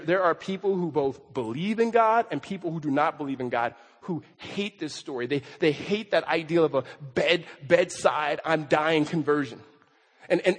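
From the pulpit of a large church sanctuary, a pastor with a high, slightly husky voice preaches emphatically, acting out quotes and stammering through restarts on repeated words as he drives his point home. Long reverb carries his voice through the big hall.

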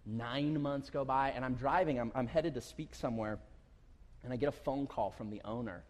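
A man's voice: medium pitch, normal speed, darkish tone. A pastor giving a sermon in a conversational, storytelling way, often chuckling as he talks. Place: church hall. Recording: long reverb of a hall.

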